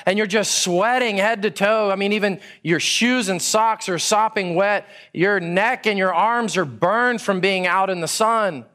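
Pastor guy preaching, kinda high voice, acts out what folks are thinking. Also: unhurried, hardly any pauses. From Texas. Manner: animated, acts out listeners' thoughts in casual paraphrase. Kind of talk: sermon.

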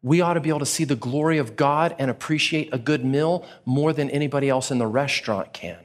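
A man preaching a sermon, telling a personal story with animated, acted-out reactions. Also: medium pitch, fast talker. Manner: animated storyteller, acts out his own reactions. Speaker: pastor.

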